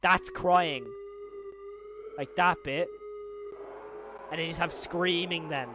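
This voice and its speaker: A young man talking his way through a live stream in a chatty, rambling manner, quickly getting excited. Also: on the high side.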